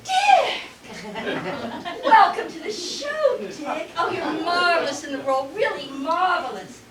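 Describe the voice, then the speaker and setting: A woman's voice: very high voice, big pitch swings, measured pace, a loud crowd, exaggerated voice. A woman acting a sarcastic, vain stage actress in a comedy, recorded far off in an echoey hall. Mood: catty. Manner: sarcastic and mocking. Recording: echoey stage from a distant mic, faint hiss.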